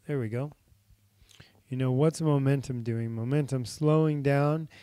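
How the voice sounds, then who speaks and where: A man's voice: mid-range voice, fairly even intonation, a little slow, warm tone, clean tone. A young man hosting a casual trading tutorial, talking through charts with many fillers while he is losing his voice. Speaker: crypto trading channel host.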